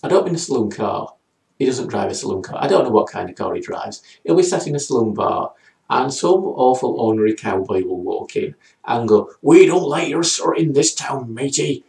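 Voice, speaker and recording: A man's voice: lowish voice, expressive, a little fast, creaky, a little mellow, breathy edge. A man, giving a comedic comics review in a sarcastic, rambling way.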